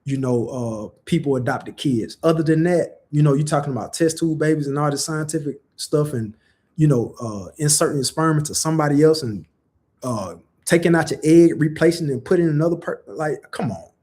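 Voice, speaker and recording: A man's voice: on the high side, a little fast, darkish tone. A young man giving a casual religious commentary, talking conversationally with many rhetorical questions and "you know" fillers. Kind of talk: casual preaching monologue.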